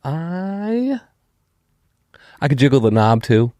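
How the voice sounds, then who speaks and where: A man's voice: mid-range voice, very animated, takes it slowly, mellow, no room sound, voice pushed up. A man playing an obliging, flustered clinic worker in an improv comedy sketch, hesitant and eager to help.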